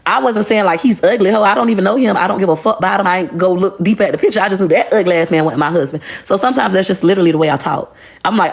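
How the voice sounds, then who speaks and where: A woman's voice: mid-range voice, very fast, creaky, slightly rough. A woman, ranting bluntly and profanely on a phone livestream. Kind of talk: casual rant on a livestream.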